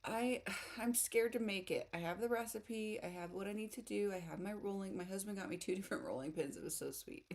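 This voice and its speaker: A woman's voice: mid-range voice, a little mellow. A woman from the United States hosting a livestream, chatting casually and reading out comments, giggly and self-deprecating. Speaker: writing livestream host.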